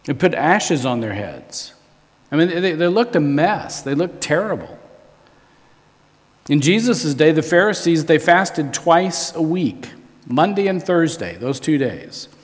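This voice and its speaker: A man preaches to his congregation in a relaxed, conversational sermon style, often repeating a word before he finishes a thought. His voice sits a bit higher than most men's. The recording carries a long reverb tail, as in a church hall. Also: measured pace. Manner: conversational, repeats words as he restarts. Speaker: pastor.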